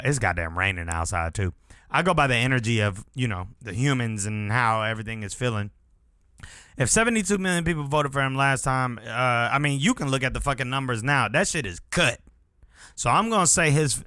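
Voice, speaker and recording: A man's voice: medium pitch, pushed and bright, clean tone, no echo, clean studio sound. A man hosting a podcast, talking in a blunt, profane and emphatic way in a casual solo rant. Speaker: podcast host.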